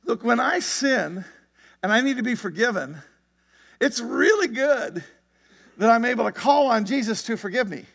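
Male pastor, conversational sermon delivery, high voice, long reverb. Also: animated, moderate pace, creaky, fairly bright tone. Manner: conversational preaching with frequent "right?" and "you see it?".

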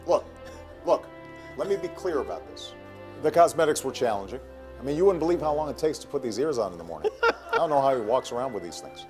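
A man in a comedy sketch playing a self-important method actor who is playing a president, with deadpan delivery and music behind. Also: mid-range voice, fast, lightly acted.

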